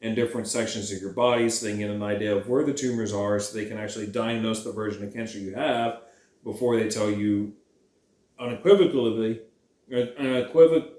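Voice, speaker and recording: A man's voice: on the low side, steady tone, brisk, darkish tone. A drunk man riffing casually and sarcastically on a movie he just watched. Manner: rambling, sarcastic, laughing. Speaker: podcast host. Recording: roomy echo.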